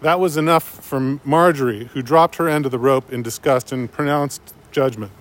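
A man narrating a story in a measured, unhurried way. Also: medium pitch. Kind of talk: story reading.

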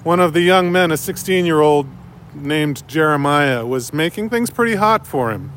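A man narrating a story in a measured, unhurried way. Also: on the high side, expressive, fairly bright tone, a little hiss or hum. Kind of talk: story reading.

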